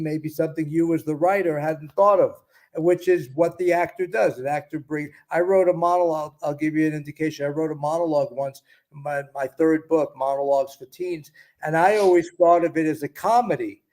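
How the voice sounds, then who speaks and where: Man, actor and author, interview guest, measured, explanatory, slightly high voice. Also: fairly even intonation, mellow. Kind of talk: interview answers.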